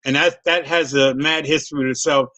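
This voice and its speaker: New guy hosting, rambly and cussing, kinda high voice. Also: fairly even intonation, fairly quick, pushed and bright. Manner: loose, profane, repeats and restarts often. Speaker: host. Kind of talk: casual interview with storytelling.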